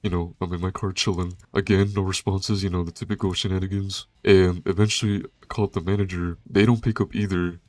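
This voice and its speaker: A man's voice: low-pitched, flat delivery, fairly quick, hardly any pauses, no echo. A young man, a pizza delivery driver, telling a casual first-person story in a laid-back, slangy way with plenty of swearing.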